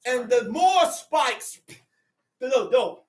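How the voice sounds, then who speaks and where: A man preaches a sermon with fervor and a high-pitched voice, at times shouting and near tears. He sounds echoey and distant from the mic. The room reverb is strong. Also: lively intonation, slow pace.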